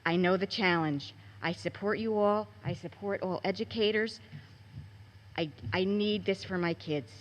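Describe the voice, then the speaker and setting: A woman's voice: medium pitch, measured pace, rough recording. A woman in her forties, a parent and educator, giving an emotional, pleading public comment at a school board meeting.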